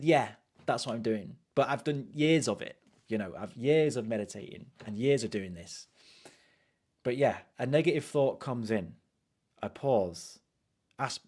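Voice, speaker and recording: A man with a British accent gives a casual live coaching talk in a medium-pitched, husky voice with a darkish tone. He's conversational and repetitive, repeating phrases and saying "you know" a lot.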